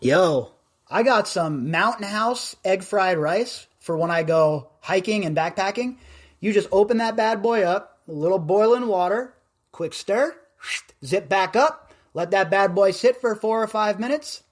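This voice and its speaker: A man from Las Vegas hosting a podcast live stream, chatting in a rambling, loudmouthed way. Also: high-pitched, lively intonation, a little slow. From Las Vegas, USA. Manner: rambling, self-described loudmouth. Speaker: podcast host. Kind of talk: casual live-stream chat.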